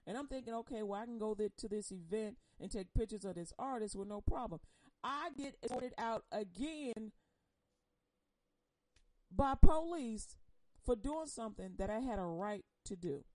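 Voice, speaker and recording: A woman shares a raw personal testimony, blunt and emotional, rising into loud outbursts and then dropping to hushed confession. Her voice is mellow and warm, in an ordinary middle register. The recording is dry and close, with no room sound. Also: medium pitch, lively intonation, moderate pace, dry recording, low-quality recording. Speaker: churchgoer sharing a personal testimony. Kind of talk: impassioned personal testimony on air.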